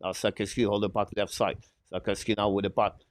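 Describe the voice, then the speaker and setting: A man calling a hockey game live as a fan play-by-play commentator, in rapid, clipped, broken phrases with eager, apologetic asides, speaking into a headset mic. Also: lowish voice, little pitch movement, no room sound. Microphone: headphones with mic.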